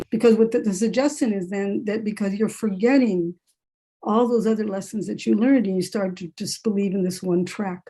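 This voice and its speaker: Warm-voiced woman speaking candidly. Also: mid-range voice. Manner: candid, conversational, repeats phrases for emphasis. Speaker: writer and English professor. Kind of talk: panel discussion. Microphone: video call.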